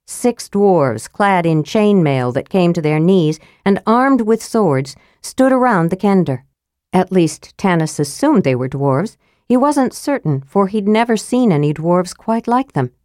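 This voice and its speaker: A woman's voice: expressive, unhurried, a little mellow, no room sound, studio quality. Woman narrating a fantasy audiobook. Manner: lowers her voice for male characters. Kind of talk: scripted narration with character voices.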